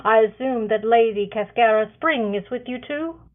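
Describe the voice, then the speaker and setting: A woman's voice: fairly high pitch, normal speed, lightly acted. A woman reading aloud and voicing a wise elder who speaks formally. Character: wise old leader, calm and formal. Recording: tinny phone-like sound.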